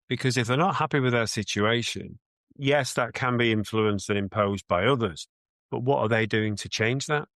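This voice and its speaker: A man's voice: medium pitch, fairly bright tone, dry recording. A man with a British accent, a mindset coach answering interview questions in an earnest, reflective way, often restarting his sentences.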